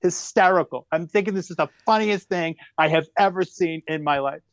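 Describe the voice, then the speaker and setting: A man in his fifties, a comedian, spinning a story with big, animated energy and constant laughing emphasis. His voice sits a bit high for a man. The sound is close and dry, with no room around it. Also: a little fast, no room sound. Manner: lively, exaggerated, laughing at his own story. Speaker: comedian guest.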